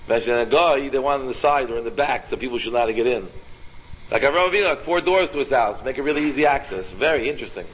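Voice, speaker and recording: A man teaching an informal Torah class, animated and repetitive, quizzing his students by name. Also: mid-range voice, racing, slightly rough, lo-fi sound.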